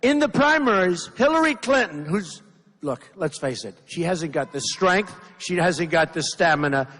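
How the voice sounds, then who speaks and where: Brief: male political candidate at a rally, raised pitch, repeats himself emphatically, long hall reverb. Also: expressive, moderate pace, fairly bright tone. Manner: rambling, repetitive, emphatic. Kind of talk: campaign rally speech. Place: large rally venue.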